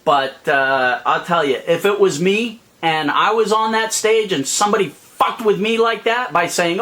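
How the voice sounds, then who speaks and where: A man's voice: high-pitched, a little slow, hardly any pauses, fairly bright tone. A man in a heated, profane rant to camera, exasperated and sweating under a hot light. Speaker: vlogger. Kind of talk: angry ranting monologue to camera.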